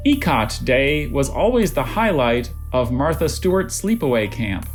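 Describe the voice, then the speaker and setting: A spelling bee pronouncer reads words and definitions over a video call. The delivery is deadpan and the voice sits in a middle range, with faint music underneath. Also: medium pitch, a little slow.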